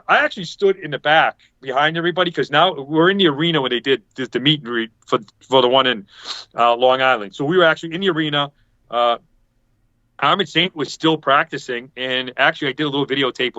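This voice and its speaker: A medium-pitched man speaks at a quick pace, his voice pushed and bright with no room sound. On dull lo-fi video call audio, this podcast panelist tells a rambling story casually and acts out what other people said.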